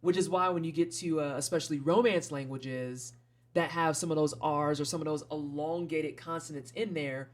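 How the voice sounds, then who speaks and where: Streamer, Midwestern American accent, average pitch; loose, frank live commentary full of tangents and casual cursing. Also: steady tone, moderate pace. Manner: rambling, frank, swears casually. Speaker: streamer playing game demos.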